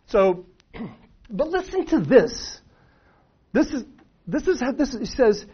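A man's voice: sits high, lively intonation, normal speed, pauses often, husky. Conversational middle-aged preacher man, lo-fi. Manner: conversational, with restarts and rhetorical questions. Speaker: pastor. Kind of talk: sermon. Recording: dull lo-fi sound.

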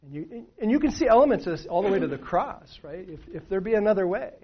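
A man's voice: high-pitched, sing-song, fast, breathy edge. Conversational middle-aged preacher man, lo-fi. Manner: conversational, with restarts and rhetorical questions. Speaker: pastor. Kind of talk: sermon. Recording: dull lo-fi sound.

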